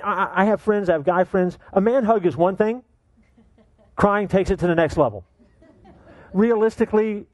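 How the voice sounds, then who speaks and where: A man preaching a sermon as pastor, animated and joking, firing off rhetorical questions at his congregation. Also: a little high, dry recording, low-quality recording.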